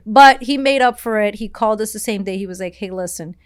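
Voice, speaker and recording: A woman's voice: medium pitch, fast talker, smooth. A woman from Brazil, a podcast guest telling her story in a candid, rambling way, full of "like"s and blunt swearing. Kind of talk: casual interview storytelling.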